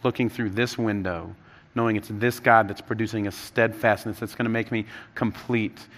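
A man in his thirties preaching a sermon, telling stories with animated rises and dropping soft and low for earnest points. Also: moderate pace, big-room sound. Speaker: pastor.

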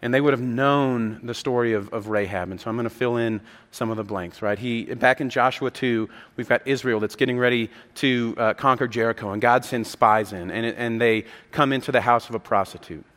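A man's voice: medium pitch, fairly even intonation, fairly quick, fairly bright tone. A man preaching a sermon with passion, acting out the voices of the people in the story. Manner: impassioned, acts out the voices of the story. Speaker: pastor. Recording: long hall reverb.

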